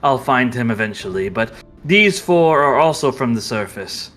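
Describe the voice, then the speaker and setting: Businesslike dragonborn man, as a game master voices him, with a lively pitch. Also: moderate pace, soft background music, close to an everyday voice. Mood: brisk. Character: matter-of-fact male dragonborn guide.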